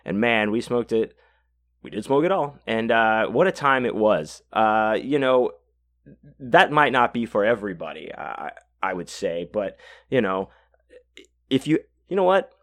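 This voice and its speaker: A man with a lowish voice tells a story on his podcast in a loose, chatty way. He swears often and trips over his words as he goes, backing up and starting his sentences again. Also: expressive, a little slow. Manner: rambling, profane, many fillers and restarts. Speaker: podcast host. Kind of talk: casual storytelling.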